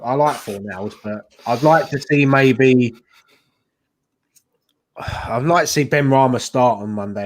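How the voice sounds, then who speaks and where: A man co-hosting a fan show. He teases the others in a jokey way and laughs easily. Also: medium pitch. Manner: jokey, teasing, quick to laugh. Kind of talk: casual pub-style banter.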